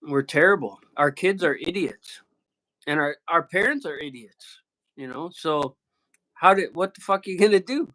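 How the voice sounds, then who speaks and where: A man from Michigan with an Upper Midwest American accent chats casually. He is blunt and joking and swears freely, and his voice sits a touch higher than most men's. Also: lively intonation, normal speed, a bit bright, poor audio. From Michigan, USA. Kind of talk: casual chat.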